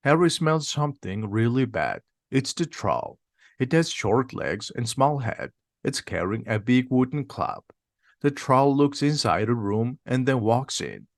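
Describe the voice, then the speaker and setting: A man's voice: medium pitch, dry recording, studio quality. Man reading a simple audiobook. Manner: slow, plain, steady reading. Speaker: reader.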